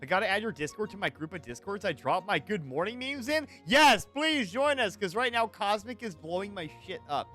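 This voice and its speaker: A man's voice: sits high, sing-song, fairly quick, hardly any pauses, sharp tone, faint music behind. A man hosting a game stream, chatting playfully with a co-host and reading chat aloud.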